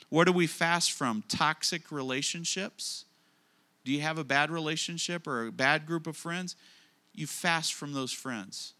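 A man preaching a sermon to a congregation, emphatic, often asking questions and slowing down to stress key lines. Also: a little high, sharp tone. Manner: emphatic, repeats phrases, asks the congregation questions. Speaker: pastor.

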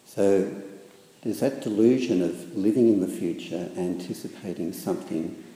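A man giving a reflective spiritual talk in a thoughtful, hesitant way, with many pauses and fillers. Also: deep voice, mellow. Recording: echoey hall with long reverb.

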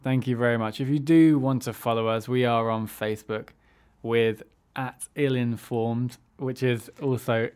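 A man's voice: medium pitch, steady tone, unhurried, few pauses, a little mellow, smooth. A man co-hosting a comedic radio show in a studio, chuckling and easygoing as he signs off. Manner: laid-back, chuckling, wraps up the show. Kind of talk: casual comedic radio chat.

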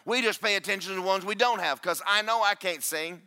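A man preaching a sermon as pastor, loud and booming, with self-deprecating humor. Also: fairly quick, smooth. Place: church.

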